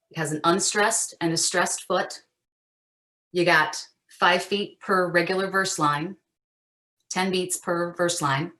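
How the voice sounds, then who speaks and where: A woman teaching an acting master class over a video call, chatty and animated with frequent fillers. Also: on the low side.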